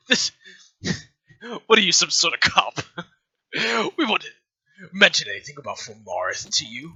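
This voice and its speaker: A man's voice: lowish voice, expressive, normal speed, long pauses, bright, forceful tone, voice pushed down, heavily acted. A man voicing a hostile, paranoid scaly male tavern thug who mocks and threatens. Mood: suspicious. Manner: mocking, threatening.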